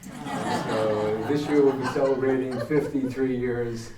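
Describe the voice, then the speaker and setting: A man's voice: medium pitch, slow pace, echoey room, far from the mic, a crowd in the background, low-quality recording. An older man from Brooklyn with a New York accent, giving a talk as a guest speaker and telling stories, acting out the other people's voices as he goes. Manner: animated, acts out the voices of people in his stories. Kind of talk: storytelling talk. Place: church hall.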